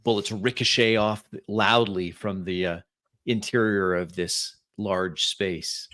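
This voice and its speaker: Game master, male, slow deliberate narrator, dry close mic. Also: fairly low pitch, steady tone, sharp tone, no room sound.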